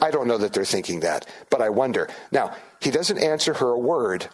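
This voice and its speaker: A middle-aged man preaching a sermon as pastor, in a conversational, animated way, with frequent restarts and asides to the congregation. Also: medium pitch, brisk, few pauses, slightly rough. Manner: conversational, animated, acts out disciples' voices.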